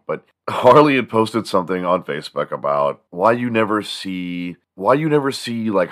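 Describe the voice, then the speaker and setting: A man's voice: low-pitched, a bit bright. A man hosting his own show in a casual solo monologue, rambling and joking crudely at his own expense. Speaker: podcast host.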